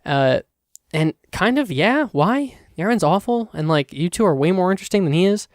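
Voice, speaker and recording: A man's voice: high voice, expressive, a little fast, dry recording, studio quality. A young man hosting a casual solo podcast, rambling with lots of "like" and restarts, swearing casually. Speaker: podcast host.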